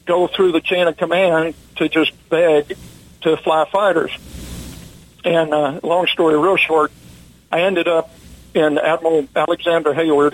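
An older man, a retired pilot, telling long stories in a relaxed, rambling way with many fillers, as an interview guest. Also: a little high, rough recording. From United States. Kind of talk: casual storytelling interview.

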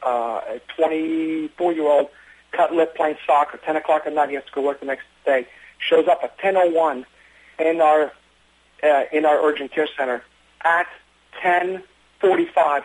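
A man who works as an emergency physician, telling stories in an interview with earnest, quick talk and frequent restarts. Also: fairly high pitch, slightly rough, poor audio. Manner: fast, earnest storytelling with many restarts. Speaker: emergency physician running an urgent care. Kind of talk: interview conversation.

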